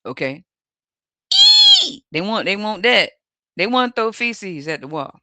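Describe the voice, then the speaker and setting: Mocking, animated host, cursing freely. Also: medium pitch, normal speed, noisy background. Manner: mocking, laughs often, coarse slang. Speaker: tarot channel host. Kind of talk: profane mocking commentary over images.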